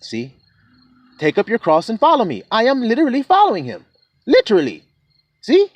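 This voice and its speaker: A man preaching in a lively voice that swings up and down as he talks. He reads scripture slowly and stops again and again to ask his flock whether they follow. The recording is dry and close. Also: very high voice, dry recording. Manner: preachy, keeps asking "see?", slows to a drawl on verses. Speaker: self-styled preacher. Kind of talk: sermon reading scripture with commentary.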